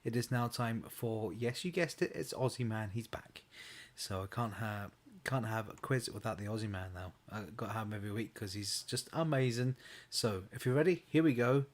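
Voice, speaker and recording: A man's voice: lowish voice, normal speed. A man hosting an online pub quiz in a chatty, upbeat way. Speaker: quiz host.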